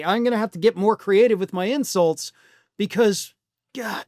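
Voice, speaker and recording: A man's voice: sits high, no room sound, studio quality. A middle-aged man hosting a political commentary show, talking bluntly and sarcastically, with the odd swear word. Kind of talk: opinion commentary monologue.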